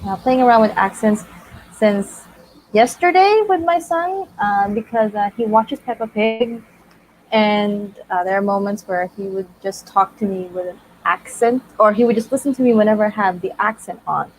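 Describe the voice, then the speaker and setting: A woman's voice: medium pitch, moderate pace, slight background noise, poor audio. A woman in her thirties hosting a casual writing livestream, bubbly and greeting viewers by name. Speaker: livestream host.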